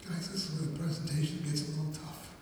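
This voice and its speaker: A man's voice: a little high, completely flat delivery, fast talker, dark tone, a little hiss or hum. A man giving a heartfelt, earnest motivational talk to an audience in a large hall. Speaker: motivational speaker. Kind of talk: emotional public presentation. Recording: echoey hall from far off, faint music.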